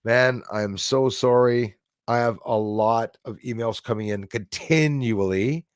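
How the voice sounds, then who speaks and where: A man hosts a casual live stream from his old house, talking straight into a desk microphone. He rambles, greets viewers by name and drops the odd swear word. His voice sits at an ordinary middle pitch with a dry, close sound. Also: unhurried, dry recording.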